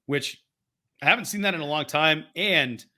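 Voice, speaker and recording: A man co-hosting a podcast in casual chat, excitable and rambling, often laughing as he talks. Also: on the high side, moderate pace. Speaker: podcast co-host.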